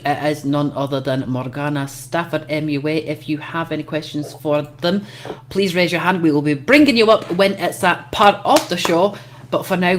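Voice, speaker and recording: A brash woman hosting a casual livestream chat, swearing freely and laughing often. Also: fairly low pitch. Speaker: host.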